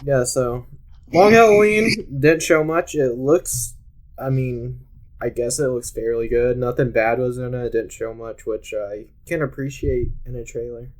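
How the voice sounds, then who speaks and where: A man's voice: medium pitch, unhurried. A man hosting a casual podcast chat, laid-back and laughing often as he talks things over. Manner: laid-back, laughs often, reads aloud from search results. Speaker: podcast host.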